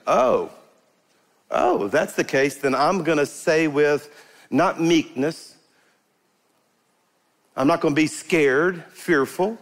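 A middle-aged pastor with a drawl delivers a lively sermon, his pitch leaping high on the points he stresses. He calls out to the congregation and builds to fervent peaks before dropping back to a conversational tone. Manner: animated, emphatic, rising to bursts of fervor, calls out to the congregation. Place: church sanctuary before a congregation.

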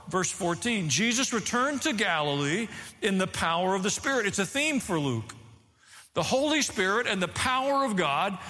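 A man preaching a sermon as pastor, animated, rising and falling as he teaches. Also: high voice, in a large hall.

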